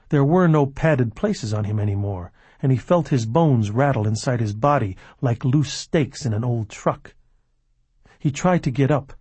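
Man, husky voice, audiobook narration, measured delivery, dry recording. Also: mid-range voice, mellow, no echo. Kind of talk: scripted narration.

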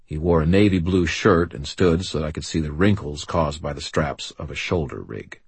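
Deep, husky male audiobook narrator. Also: normal speed, no echo. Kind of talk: scripted first-person audiobook narration.

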